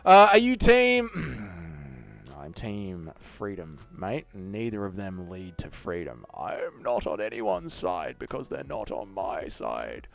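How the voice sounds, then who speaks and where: A man's voice: deep voice, sing-song, takes it slowly, gravelly, no room sound. An Australian man hosting a casual live stream, bantering and swearing as he reads out chat messages. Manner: profane, joking banter with chat.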